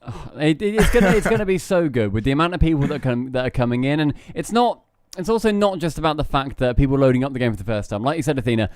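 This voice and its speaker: A man's voice: mid-range voice, lively intonation, fast, darkish tone, clear, resonant tone, dry recording, clean studio sound. A man co-hosting a podcast, chatting with enthusiasm. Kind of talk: casual podcast chat.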